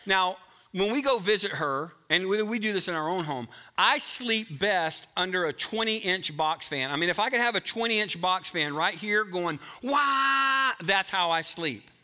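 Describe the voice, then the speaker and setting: Bright-voiced man preaching a sermon. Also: high voice. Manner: emphatic, swings from loud to hushed. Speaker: pastor.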